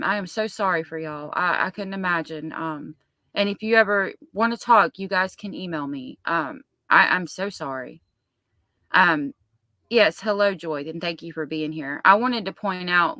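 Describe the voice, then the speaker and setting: Woman host chatting about true crime, low-ish bright voice, dry close sound, emotional and apologetic. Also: dry recording. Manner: emotional and apologetic, many fillers. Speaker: livestream host. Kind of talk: casual true-crime commentary chat.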